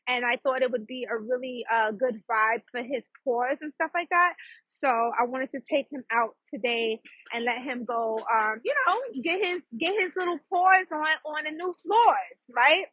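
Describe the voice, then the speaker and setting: A woman, hosting her own podcast and telling a story in a fast, chatty way, with laughs and asides to her listeners. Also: high voice, bright, forceful tone, husky, no room sound, highs cut off. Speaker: podcast host and psychic. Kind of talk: casual storytelling monologue.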